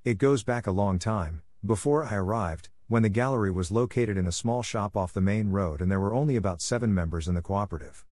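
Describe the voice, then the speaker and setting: A man reading the lines of a calm woman who runs a gallery and explains things in a measured way. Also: on the low side, no room sound, studio quality, lightly acted.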